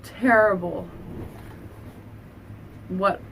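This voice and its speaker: A woman vlogger telling a painful personal story in an earnest, halting, confessional way. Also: mid-range voice, steady tone, fairly bright tone, slight background noise. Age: adult. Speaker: beauty vlogger.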